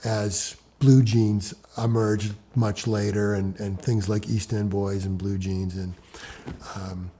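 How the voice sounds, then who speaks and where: Middle-aged guy from ontario telling climbing stories, gets animated, warm low-key tone. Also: slow pace, slight background noise. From Ontario, Canada. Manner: animated, restarts sentences. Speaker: rock climber interviewee. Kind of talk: animated storytelling.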